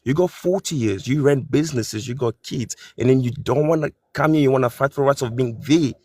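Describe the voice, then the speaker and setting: A man's voice: mid-range voice, fairly quick, a little mellow, no echo. A man in his twenties speaking angrily and frustrated, apologizing as he swears, on a video call. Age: 20s. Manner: frustrated, apologetic about cursing. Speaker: panel guest. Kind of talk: angry opinion.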